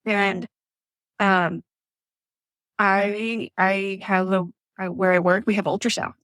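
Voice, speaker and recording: A woman's voice: medium pitch, flat delivery, takes it slowly, a bit bright, no room sound. A woman who works as a nurse, telling her story as a podcast guest in a chatty way with many fillers. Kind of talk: casual storytelling interview.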